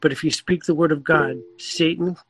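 A man who works as a coach, a guest in a casual chat, speaking earnestly and quick to agree with the host. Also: fairly high pitch, fairly even intonation, a little hiss or hum.

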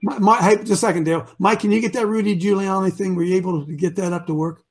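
A man's voice: sits high, fairly even intonation, fast, slightly rough. A man hosting a live talk show, preachy and rousing, rambling between points. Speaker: host.

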